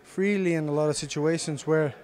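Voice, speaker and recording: A young man with a slight Irish-tinged accent, speaking English as a second language, answering interview questions softly with many pauses and fillers in a gym. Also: a little high, steady tone. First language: Icelandic. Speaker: interviewed fighter. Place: sports gym.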